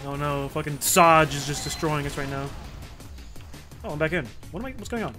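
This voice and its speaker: A young man narrates his own game as he plays, excitable and quick to swear and mock himself. His voice sits high and sounds bright and sharp. Faint game music plays underneath. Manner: excitable, swearing, self-mocking. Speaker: gamer. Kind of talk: casual gameplay commentary.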